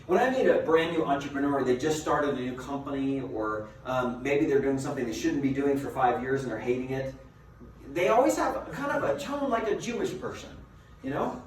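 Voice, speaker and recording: A man giving a motivational seminar as a business coach, a lively storyteller who asks his listeners rhetorical questions. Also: mid-range voice, moderate pace. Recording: very echoey room, mic far off, faint noise.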